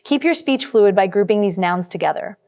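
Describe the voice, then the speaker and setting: A woman narrating a scripted test-prep lesson as the instructor, in a measured, instructive way. She records as a studio voice-over. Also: mid-range voice, lively intonation, darkish tone.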